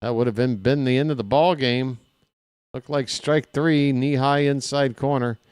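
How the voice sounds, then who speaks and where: A man doing casual live play-by-play of a ballgame, chatting straight to his viewers between pitches with candid, self-deprecating asides. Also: steady tone, normal speed, darkish tone, clean tone, dry recording, studio quality. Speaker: play-by-play commentator.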